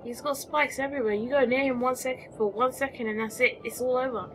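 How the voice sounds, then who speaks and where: A woman's voice: sits high, steady tone, fast, noisy background. A woman giving casual let's-play commentary, chatty, talking to the game creatures, exclaiming and muttering as she plays. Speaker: gameplay commentator. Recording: music playing behind the voice.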